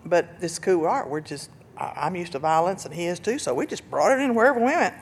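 An older woman giving an earnest personal testimony about recovery and loss, telling her story with bursts of laughter and loud quoted lines. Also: lowish voice, expressive, fast talker, husky. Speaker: speaker sharing recovery story.

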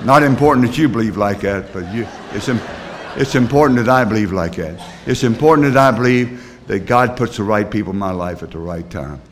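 Guy sharing his recovery story, kinda low voice, rambly and folksy, lots of uh and you know, bit of hiss behind. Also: a little fast. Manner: folksy, rambling, with many fillers; plain rural grammar. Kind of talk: personal storytelling talk.

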